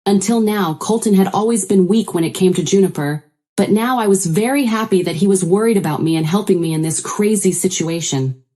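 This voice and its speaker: A woman narrating a first-person story in an even, measured way. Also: mid-range voice.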